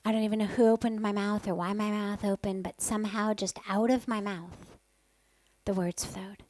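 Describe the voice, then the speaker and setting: A woman's voice: mid-range voice, level tone, normal speed, a little mellow, no echo. Candid woman storyteller, dry close sound. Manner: candid and vivid, dropping to a whisper for inner thoughts. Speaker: spiritual teacher. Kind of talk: personal storytelling talk.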